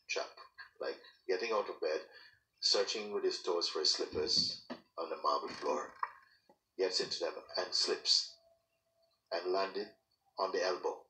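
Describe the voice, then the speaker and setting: A low-voiced man tells a parable in a lively, animated way, acting out its people and adding sound effects. His tone is bright and forceful. He sits well back from the mic in an echoey room. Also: recorded from a distance. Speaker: storyteller and teacher. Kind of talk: spoken parable telling.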